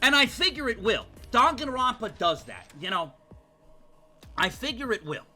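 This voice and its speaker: A male streamer giving animated, indignant let's-play commentary, swearing as he reacts. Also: extremely high pitch, moderate pace, faint music behind.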